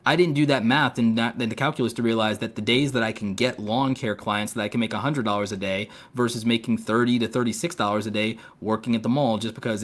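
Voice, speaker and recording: A man hosting a casual podcast chat, talking in long rambling runs full of fillers, with a sarcastic edge. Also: mid-range voice. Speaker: podcast host.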